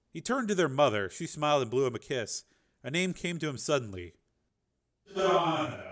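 A man narrating a dramatic audiobook and voicing its characters with shifting pitch. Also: big pitch swings, moderate pace, fairly bright tone.

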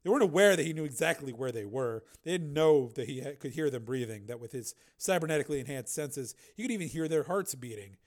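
A man reading a science fiction audiobook aloud, steady and even, now and then correcting a slip. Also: mid-range voice, quick pace, few pauses. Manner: steady storytelling with occasional slips and self-corrections. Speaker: narrator. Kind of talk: audiobook narration.

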